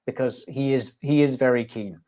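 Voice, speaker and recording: A man's voice: medium pitch, normal speed, darkish tone. A man hosting a casual livestream, chatty and jokey, rambling with lots of fillers and restarts. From United Kingdom. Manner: jokey, self-mocking, reading viewer comments aloud. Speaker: host.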